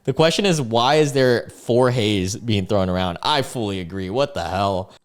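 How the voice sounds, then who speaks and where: A young adult man hosting a casual reaction video about dating chats. He is incredulous and rambling, with animated reactions. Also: lowish voice, normal speed, clean tone. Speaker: host reading online dating chats.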